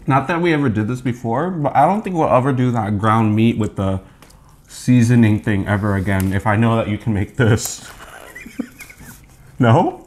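A man's voice: medium pitch, moderate pace, darkish tone. A man co-hosting a casual eating video, chatting in an upbeat way and laughing often. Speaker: co-host. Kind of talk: casual mukbang chat while eating.

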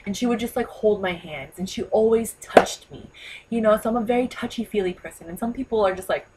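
A woman in her thirties from New York, talking to camera in a chatty, animated way, full of "you know" and "like.". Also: mid-range voice, fast talker, slight background noise, rough recording. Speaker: vlogger giving speaking advice. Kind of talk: casual talk to camera.

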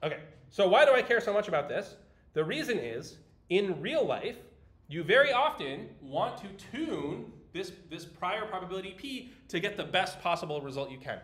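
A man's voice: high voice, very animated, moderate pace, fairly bright tone. A man lecturing a university class in a chatty, explanatory way, with fillers and restarts. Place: large lecture hall. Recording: echoey lecture hall.

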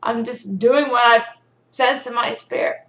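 A woman's voice: a little high, little pitch movement, a little slow, a bit bright, roomy sound, low-quality recording. A woman giving a live-streamed prophetic message, earnest and direct, often checking in with "okay?" and "you know".

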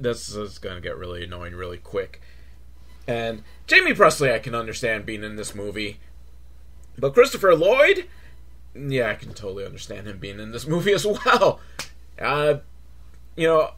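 A man recapping a kids' movie in a sarcastic, rambling way, with loud outbursts and mumbled asides. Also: mid-range voice. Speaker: movie reviewer.

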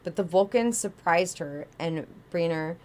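A woman's voice: on the low side, measured pace, darkish tone. A woman streamer reading a novel aloud, often stumbling and correcting herself.

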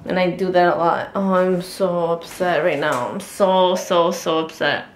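A woman chatting to her camera in a casual daily vlog, talkative and expressive, tossing in Spanish words, first at home and then on a city street. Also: fairly low pitch, a little slow, slight background noise. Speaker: family vlogger. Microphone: handheld vlog camera.

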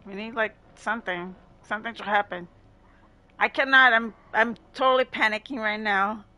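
A woman's voice: fairly high pitch, moderate pace, pushed and bright, low-quality recording. A woman streaming a horror game, reacting aloud, laughing and swearing to herself. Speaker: gamer streaming gameplay. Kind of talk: live gameplay commentary.

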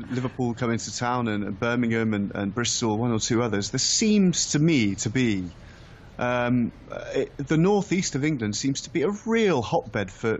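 A man's voice: mid-range voice, a little hiss or hum. Hesitant male commentator, slightly dull sound. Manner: hesitant, thinks aloud with many restarts. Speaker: football commentator and co-host. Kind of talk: casual studio chat. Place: radio studio.

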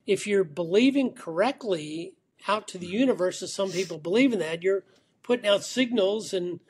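High-pitched male guest on a remote call, chatty storyteller, restarts often. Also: animated, moderate pace, breathy edge. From Atlanta, Georgia. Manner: talkative, storytelling with repeated restarts. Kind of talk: casual interview chat.

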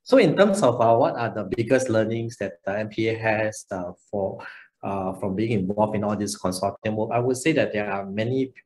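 A man speaking as a port authority director on a webinar panel, measured with frequent fillers. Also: on the low side, a little mellow, rough recording. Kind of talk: webinar discussion.

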